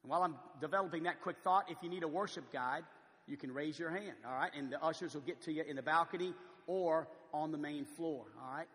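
A man's voice: fairly high pitch, fairly quick, fairly bright tone, big-room sound. A man preaching a sermon in a large church, conversational, with frequent stammered restarts. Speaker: pastor.

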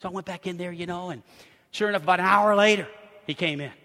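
A man preaching a sermon as pastor, telling humorous, animated stories with bursts of laughter. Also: high voice, fast talker. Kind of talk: lively sermon storytelling. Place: church sanctuary. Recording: hall reverb in a church.

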